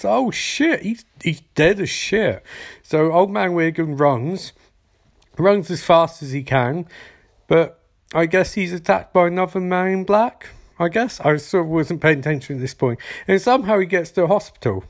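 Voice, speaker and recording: Casual male movie recapper, slightly high voice, sweary and jokey, acts out the characters' lines.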